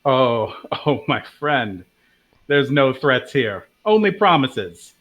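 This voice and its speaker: A man's voice: on the high side, lively intonation, normal speed, muffled recording. A man playing a haughty drow noble who is indignant and pompous. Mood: menacing.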